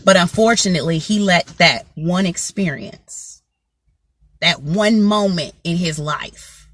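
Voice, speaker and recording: A woman's voice: on the low side, a little slow, fairly bright tone, dry recording. A woman telling a story to her viewers in casual chat, often asking "you know what I'm saying" and greeting people by name. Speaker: motivational vlogger.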